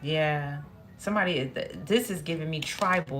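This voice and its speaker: A woman's voice: low voice, moderate pace, a bit bright. A woman giving a spoken tarot reading, musing aloud and repeating phrases as she draws cards. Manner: musing, repeats phrases, talks to herself while drawing cards. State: emotional at moments. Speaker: tarot reader.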